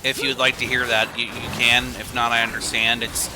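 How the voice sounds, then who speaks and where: A man's voice: medium pitch, level tone, normal speed, background noise. A man streaming a game, chatting casually in a rambling, goofy way that keeps interrupting itself. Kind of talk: casual gaming commentary.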